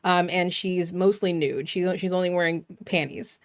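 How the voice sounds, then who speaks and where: A woman VTuber host in a casual vlog, recapping a horror film with profane, animated storytelling full of fillers. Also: on the low side, normal speed, no room sound, studio quality.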